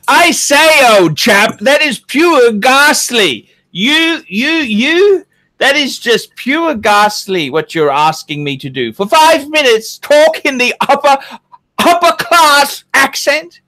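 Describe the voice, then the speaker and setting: A man voicing a pompous upper-class English gentleman with haughty, drawn-out exclamations in a put-on posh English accent. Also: very high voice, very animated, voice pushed up, heavily acted. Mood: indignant.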